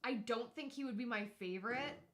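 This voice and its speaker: A woman's voice: fairly high pitch, a little fast. A woman co-hosting a live podcast stream, chatting playfully and teasing her co-host. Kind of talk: casual live-stream chat.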